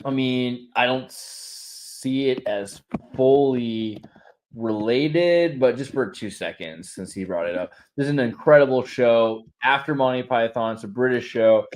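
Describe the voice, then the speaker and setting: Man, casual host chat, rambling, opinionated, mid-pitched voice. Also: unhurried. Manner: rambling, opinionated, swings from quiet to loud.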